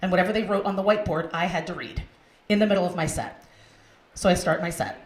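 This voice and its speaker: A woman's voice: fairly low pitch, fast, a little hiss or hum. Brash woman doing crude club stand-up. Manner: brash, crude, chatty with the crowd. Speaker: stand-up comedian hosting a show. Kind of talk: stand-up comedy set. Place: comedy club stage. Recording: roomy club sound.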